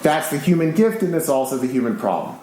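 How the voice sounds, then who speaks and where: Excitable man lecturing in an echoey hall. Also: fairly high pitch, fast talker, a little hiss or hum. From United States. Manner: excitable, animated, casually profane. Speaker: speaker giving a public talk. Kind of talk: live public lecture. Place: large concert hall with an audience. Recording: very echoey live hall recording.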